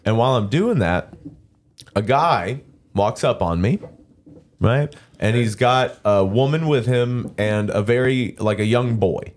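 A man's voice: mid-range voice, lively intonation, unhurried. A man on a podcast, casually telling a story with lots of swearing, acting out both sides of an argument in quoted voices. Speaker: podcast co-host. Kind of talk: casual chat.

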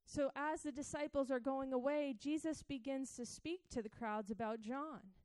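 A woman's voice: high-pitched, normal speed, darkish tone, dry recording, poor audio. A young woman preaching a sermon, reading scripture and retelling it in an earnest, conversational way with rhetorical questions.

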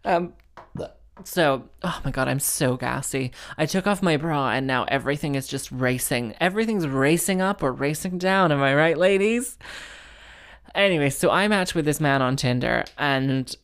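A woman's voice: low voice, normal speed. A young woman hosting a podcast, telling stories in a rambling, self-mocking, tangent-hopping way. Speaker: podcast host. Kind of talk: casual comedic storytelling.

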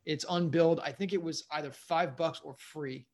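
A man's voice: on the high side, fairly even intonation, moderate pace, a little mellow. A man, a stand-up comedian, telling stories casually in a podcast interview, rambling with lots of "you know what I mean.". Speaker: comedian guest.

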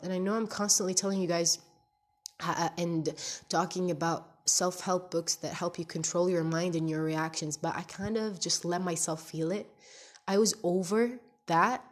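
A woman in her twenties records a candid video diary, her nose stuffed up from crying. She speaks English as a second language, with a slightly low voice, and rambles as she hunts for the right words. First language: not English. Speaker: podcaster. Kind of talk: casual confessional video diary.

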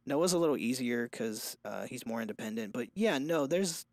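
Young dad chatting on a podcast, rambly, honest, stops and starts, dry close mic. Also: male voice, medium pitch, lively intonation, moderate pace, no echo. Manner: candid, rambling, restarts and trails off. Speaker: podcast co-host, father. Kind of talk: casual chat.

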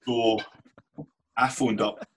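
A man's voice: medium pitch, steady tone, drawn-out words, slight background noise. A Scottish man telling candid stories as a podcast guest, swearing casually. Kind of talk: casual storytelling interview.

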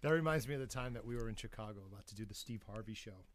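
A man's voice: fairly low pitch, very fast. A man telling a story in a casual conversation, wryly acting out the dialogue. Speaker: companion of the guest, sharing a story.

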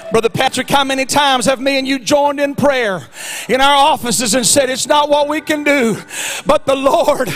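A man preaching a sermon as pastor, swinging between soft lines and fervent shouts, drawing key words out. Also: extremely high pitch. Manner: stretches key words out slowly. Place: church sanctuary.

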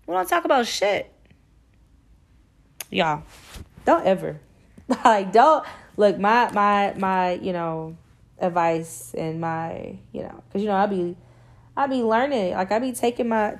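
A young woman hosting a podcast, telling a personal story in a blunt, expressive way. She swears freely and talks straight to her listeners. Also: mid-range voice. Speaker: podcast host. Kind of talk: casual storytime monologue.

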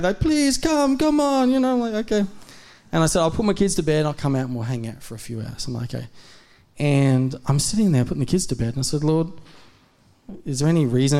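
Animated man preaching a sermon. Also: mid-range voice. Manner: animated, acts out quoted dialogue. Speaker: guest preacher. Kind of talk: live sermon storytelling. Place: church service.

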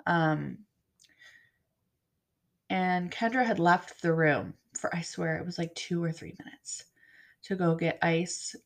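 A woman telling her own story as a bereaved mother, halting and frank, with blunt swearing. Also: fairly low pitch, a bit bright. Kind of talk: personal storytelling to camera.

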